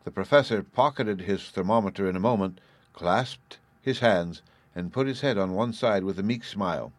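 A man narrates a storybook in a measured, even way. His voice sits on the low side, and the sound is dry and close. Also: no echo.

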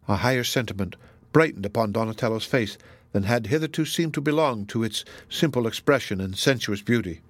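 A man narrating a classic novel in a measured, formal reading. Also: fairly low pitch, no echo.

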